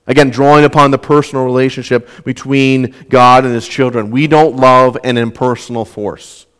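Earnest young male preacher, smooth voice. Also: mid-range voice, normal speed, few pauses, a bit bright. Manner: earnest, repeats words when restarting. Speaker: pastor. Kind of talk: sermon.

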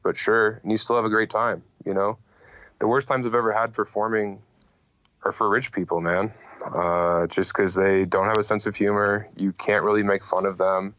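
A man's voice: deep voice, a bit bright, no echo. A man who does stand-up comedy, talking candidly and rambling a little in a casual podcast chat, swearing freely. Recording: dull dry lo-fi audio.

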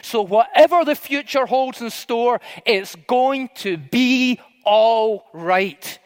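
A man doing a deep-voiced Nigerian elder. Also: slow pace, clean tone, in a large hall. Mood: reassuring. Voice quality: big deep voice. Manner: stern, then fatherly and reassuring. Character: older male archbishop mentor, deep-voiced and blunt.

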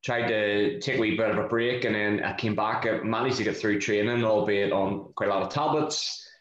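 A man, a football player answering interview questions in a halting, casual way. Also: lowish voice, fairly even intonation, a bit bright. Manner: halting, repeats words as he talks. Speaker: footballer guest. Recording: roomy, dull lo-fi recording.

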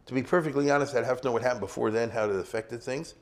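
Talking rapid-fire at medium pitch, a middle-aged man delivers a relaxed history lecture, acting out small examples. He constantly checks in with students using "you see?" and "you get it?" in a conversational way.

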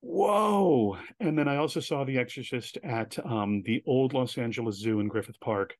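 A man speaking in a medium-pitched voice, telling stories with lively energy and slipping into other people's voices as he quotes them. His voice is recorded close and dry, with no room echo. He sounds like a guest in a casual interview. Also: a little fast. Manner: animated storyteller who acts out quoted voices.

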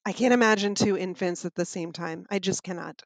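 A woman candidly telling stories about her two young sons in a casual podcast chat, animated and blunt. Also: fairly low pitch, a little fast, no room sound. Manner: candid, animated storytelling with swearing. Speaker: podcast guest, mother of two boys.

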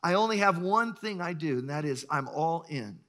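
A pastor in his sixties preaching a sermon, emphatic and swinging between loud bursts and hushed lines. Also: on the high side, lively intonation, moderate pace. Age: 60s.

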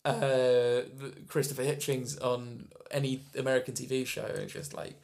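A man's voice: mid-range voice, fairly even intonation, moderate pace, creaky, darkish tone. A British man, a young adult comedian, chatting casually on a podcast with a jokey manner. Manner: jokey, slips into silly voices. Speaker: comedian guest.

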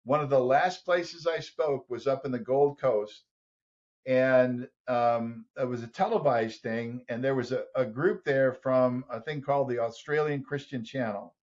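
A man telling a lively story as a podcast guest, acting out other people's voices. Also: mid-range voice, a little slow. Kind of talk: storytelling in an interview. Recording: dull lo-fi sound.

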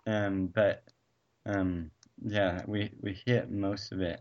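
A man's voice: deep voice, little pitch movement, slow, lo-fi sound. A man co-hosting a podcast, talking hesitantly with many ums. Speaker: podcast co-host. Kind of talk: casual chat.

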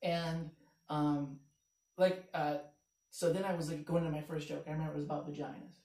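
A man's voice: a little high, little pitch movement, normal speed, warm tone. A man casually telling a long stand-up story, rambling and profane, with one stock phrase coming back again and again. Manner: rambling, profane, repeats "the next thing you know". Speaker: comedian and podcast guest. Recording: roomy, distant mic.

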